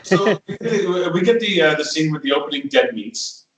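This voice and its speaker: A man's voice: on the high side, animated, fairly quick. A man co-hosting a movie podcast, wry and joking in casual chat. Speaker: podcast co-host. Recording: echoey room, distant mic.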